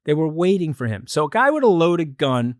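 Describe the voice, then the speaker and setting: Man, podcast guest, emphatic and animated, slightly high voice, close dry studio mic. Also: no room sound. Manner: emphatic, animated, rapid bursts of argument. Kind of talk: casual podcast discussion.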